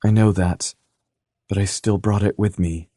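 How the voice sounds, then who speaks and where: A man voicing a shaken young woman in an audiobook, speaking earnestly and softly. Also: fairly low pitch, steady tone, a little slow, no echo, clean studio sound, natural voice. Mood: shaken, tender. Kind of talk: audiobook character voice.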